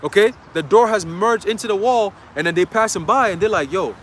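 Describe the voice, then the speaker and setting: A man's voice: high voice, a little fast, a bit bright, slight background noise. A man preaching a dramatic, slangy sermon outdoors in a city, often checking in with his listeners. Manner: emphatic, checks in with "okay?". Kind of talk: street sermon.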